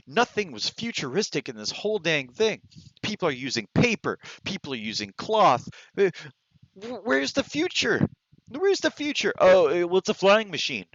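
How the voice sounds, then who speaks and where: A man's voice: a little high, fairly bright tone, dry recording, dull audio. Exasperated man ranting in a dry recording. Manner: exasperated, blunt, many restarts and fillers. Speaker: movie reviewer. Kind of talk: ranting movie review vlog.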